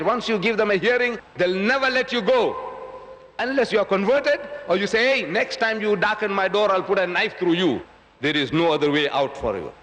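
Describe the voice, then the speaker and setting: A man's voice: high voice, fairly bright tone. A man giving a public lecture, telling a story and acting out its voices. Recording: echoey hall.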